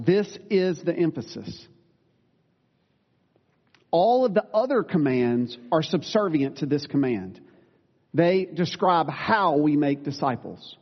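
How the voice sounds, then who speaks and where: A male pastor preaching a sermon, earnest and plain-spoken, with self-deprecating asides and quick corrections of himself. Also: fairly high pitch, sing-song. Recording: dull sound with long reverb in a large room.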